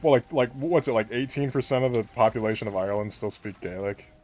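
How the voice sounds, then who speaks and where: A man's voice: medium pitch, fast talker, a little mellow, soft background music. An American man streaming a game with friends, brash and jokey, swearing freely in casual chat. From United States.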